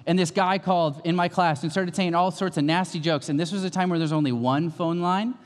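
A man delivers an emphatic, conversational sermon from the pulpit, his voice sitting a little higher than most men's. Long reverb from a large hall trails after each phrase. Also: brisk. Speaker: pastor.

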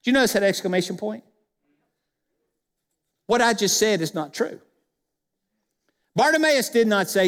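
A man's voice: high-pitched, lively intonation, normal speed, long pauses, a bit bright, in a large hall. A man preaching a sermon as pastor, speaking emphatically and putting questions straight to the congregation. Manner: emphatic, addresses the church directly with questions. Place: church sanctuary.

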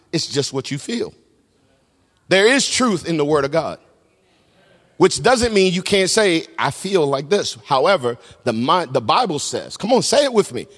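A middle-aged man preaching a sermon as pastor, swinging between loud shouts and hushed low tones. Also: in a large hall. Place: large church sanctuary.

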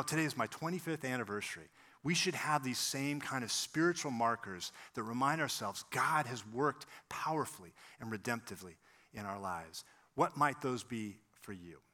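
A man preaching a sermon, telling a story and acting out the voices of the people in it. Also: medium pitch. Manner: animated storyteller, acts out quoted voices. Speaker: pastor.

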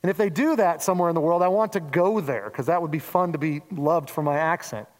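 A man's voice: a little high, fairly quick, long reverb tail. A man from Oregon preaching a conversational sermon as a pastor, with playful acted-out asides. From Oregon, USA.

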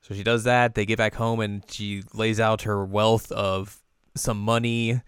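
Smooth-voiced man recapping an anime. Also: a little slow, no room sound, studio quality. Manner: animated, acts out characters' lines in high squeaky voices. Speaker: co-host recapping an anime episode. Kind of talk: casual reaction chat.

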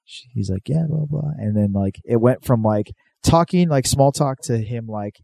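Casual male co-host, rambling storyteller, mellow voice, close dry sound. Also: mid-range voice, expressive, normal speed, creaky, no echo. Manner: rambling, profane, laid-back, lots of fillers.

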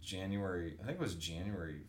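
A deep-voiced man spins animated anecdotes as a podcast guest and acts out the people in them. He is recorded on a USB mic in an echoey hotel room with a faint air-conditioner hum behind him. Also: fast. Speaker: guest, music professor. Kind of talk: casual storytelling interview. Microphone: USB microphone.

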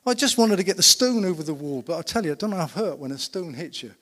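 A man's voice: fairly high pitch, lively intonation, fast talker, fairly bright tone. A man preaching a sermon. He tells stories emphatically and asks the congregation rhetorical questions. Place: church. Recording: long reverb of a church hall.

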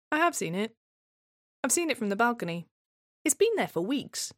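Deadpan woman telling a dramatic monologue. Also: on the high side, normal speed, pauses often, no room sound, clean studio sound. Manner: sardonic, deadpan, sweary. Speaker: playwright performer.

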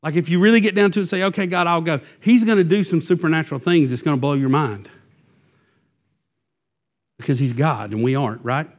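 A man delivers a sermon with a fairly high voice. His preaching is loose and conversational, and it is full of fillers and false starts. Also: fairly quick, long pauses. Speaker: pastor.

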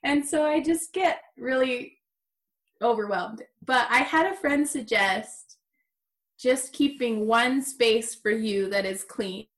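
A woman's voice: on the high side, takes it slowly, a bit bright. A woman guest on a podcast, chatting candidly and laughing often. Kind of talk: casual podcast chat.

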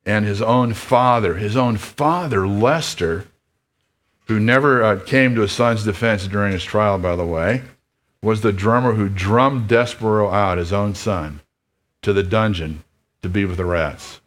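A male pastor preaching a sermon with a somewhat low voice. He reads a story aloud and then speaks to his listeners directly. His manner is earnest and reflective. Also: a little slow, fairly bright tone.

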